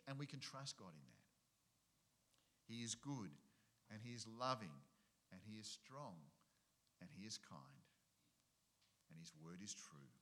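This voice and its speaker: Aussie pastor guy, middle aged, bright punchy voice, preaching and asking the congregation questions. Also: on the low side. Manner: animated preaching with rhetorical questions and repetition. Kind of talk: sermon.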